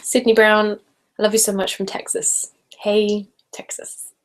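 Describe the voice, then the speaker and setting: A chatty British woman reads viewer comments aloud on her live stream. Her pitch sits in a mid range for a woman, and her talk drifts between easy, relaxed chat and soft whispers. The stereo recorder catches it up close. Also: measured pace. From Britain. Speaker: ASMR channel host. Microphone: stereo handheld recorder.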